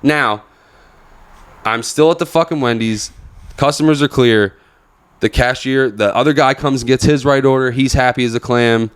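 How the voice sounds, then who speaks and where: A man's voice: medium pitch, moderate pace, clear, resonant tone. A young man casually telling a long, profane work story on a podcast, acting out the people he quotes. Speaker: podcast host.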